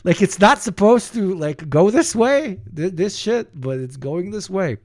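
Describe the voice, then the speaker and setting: A man's voice: high-pitched, lively intonation, unhurried. Young male streamer, loose profane reaction talk, keeps restarting and laughing. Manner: rambling, profane, laughs often, restarts a lot. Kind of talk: casual reaction commentary.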